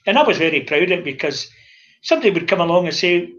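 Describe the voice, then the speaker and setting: An older Scottish man, a former publican, telling lively stories in casual chat and acting out the dialogue. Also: high-pitched, quick pace, lo-fi sound. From Scotland. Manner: animated anecdotal storyteller, acts out dialogue.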